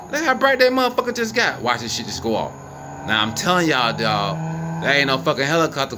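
A man filming the night sky on his phone outdoors, giving excited and profane running commentary to his viewers. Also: mid-range voice. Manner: animated, profane, incredulous, talks to viewers. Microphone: phone camera. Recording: noisy outdoor phone recording. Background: crickets and insects, passing vehicles.

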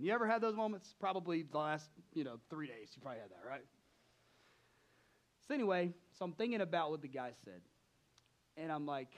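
A man's voice: fairly high pitch, sing-song, a little fast, pauses often. A man preaching a sermon as pastor, conversational, often asking the congregation questions and acting out his own thoughts, sometimes dropping to a near whisper.

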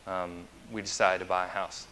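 Bright-voiced male pastor in reverberant church. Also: sits low, flat delivery, normal speed. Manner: chatty and anecdotal, asking the congregation questions. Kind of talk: conversational sermon. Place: church sanctuary.

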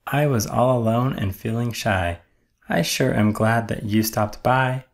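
A man reading a shy, gravelly woodchuck. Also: medium pitch, unhurried. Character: shy lonely male woodchuck newcomer.

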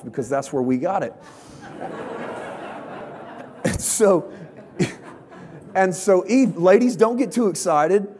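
A man preaching a sermon as a pastor, telling the story playfully and rising to shouts at its peaks. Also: sits high.

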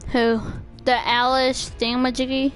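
High-voiced excitable woman gamer. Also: moderate pace, faint music behind. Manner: excitable, shouts and squeals urgent commands, casual slang. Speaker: streamer. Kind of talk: live gameplay chat with teammates.

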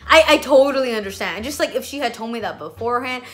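A woman's voice: on the high side, lively intonation, fast talker, fairly bright tone. A young woman vlogger from Canada telling an exasperated storytime rant in a chatty way, full of "like.". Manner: chatty, exasperated, heavy use of "like".

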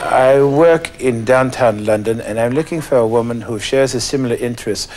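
A man doing a low, hammy dating-ad lothario. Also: moderate pace, a little mellow, natural voice. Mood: smug. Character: man with a put-on French accent, dating-ad caller.

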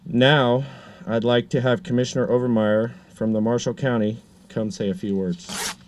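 A man's voice: mid-range voice, steady tone, moderate pace, slight background noise. A man hosting an outdoor groundbreaking ceremony delivers a formal, prepared speech that sounds read from notes. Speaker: town official and event host.

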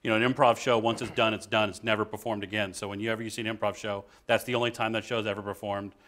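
A man speaking on a panel as an improv performer, telling stories in an animated, self-deprecating way. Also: fairly low pitch, very fast. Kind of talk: conversational panel talk.

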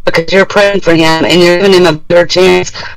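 A man in a Bible study group speaks with confident reassurance, offering encouragement to another member. His voice sits notably high for a man. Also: steady tone, a little fast, creaky, no echo, rough recording.

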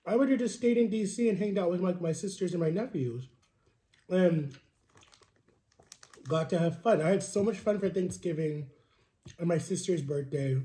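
Eating on camera for a casual mukbang vlog, a young adult man who is sick with a cold rambles and vents his frustration. His voice is high and dark-toned, at normal speed with frequent pauses, and the room sounds echoey.

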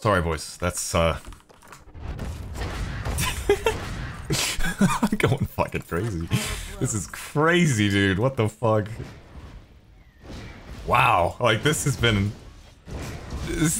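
A young man giving profane, excitable live commentary over his own gameplay, swinging into frustrated shouts. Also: mid-range voice, unhurried, slight background noise. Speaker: gaming commentator. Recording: game music playing underneath. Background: game music.

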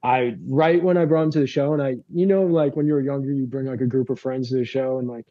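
A man's voice: mid-range voice, fairly even intonation, fast talker, dry recording, narrow, tinny audio. A young man from Long Island with a local accent, a band frontman telling stories in a casual interview, rambling and swearing freely, with lots of fillers. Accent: Long Island New York.

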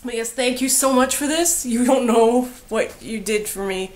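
A woman's voice: a little high, moderate pace, darkish tone. A woman vlogging about a doll she was given, chatty and gushing with emotion, on the edge of tears. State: teary. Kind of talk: casual doll review vlog.

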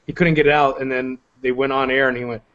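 A man in a casual group chat telling a story in a relaxed way, full of fillers. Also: medium pitch, quick pace, dull audio, crowd noise.

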